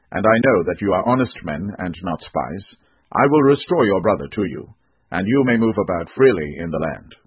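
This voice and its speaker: A man's voice: on the low side, breathy edge, no room sound. A man voicing anxious, pleading brothers. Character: frightened band of grown brothers. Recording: tinny phone-like dry recording.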